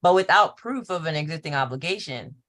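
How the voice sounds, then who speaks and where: A woman's voice: low-pitched, lively intonation, a little fast, fairly bright tone. No-nonsense lady explaining things over a video call, skeptical and blunt. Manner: blunt, skeptical, matter-of-fact. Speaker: guest teacher on a video call. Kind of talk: casual group call, explaining.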